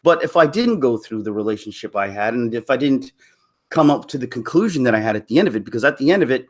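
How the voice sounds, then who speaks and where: A man's voice: mid-range voice, lively intonation, fast talker. A man on a live stream, telling a personal story to his viewers in a candid, rambling way with frequent restarts. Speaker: YouTube commentator.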